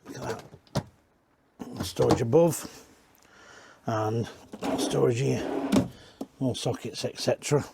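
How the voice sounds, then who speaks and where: A man's voice: mid-range voice, steady tone, takes it slowly, vocal fry, pauses often, heavy background noise. Chatty man touring caravans. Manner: chatty, rambling, corrects himself mid-sentence. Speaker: caravan industry reviewer. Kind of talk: casual walk-around tour. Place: inside caravans at a dealership.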